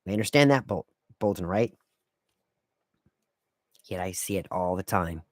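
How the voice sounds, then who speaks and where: A man's voice: low voice, lively intonation, a little slow, dry recording, studio quality. A man hosting a casual solo podcast, laying out etiquette rules in a wry, lecturing way. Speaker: podcast host.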